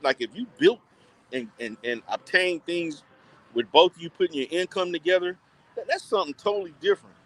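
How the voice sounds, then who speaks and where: This man's voice sits on the high side and moves briskly as he shops in a mall and chats with people watching live. Blunt and animated, he laughs frequently and tends to repeat himself.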